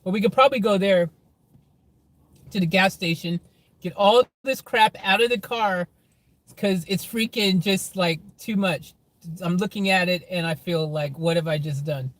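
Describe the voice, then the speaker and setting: Guy with a high voice livestreaming from his car on his phone, chatty, laughs a lot. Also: normal speed, a bit bright, no room sound. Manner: chatty, laughs often, talks to viewers. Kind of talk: casual livestream chat. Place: inside a car.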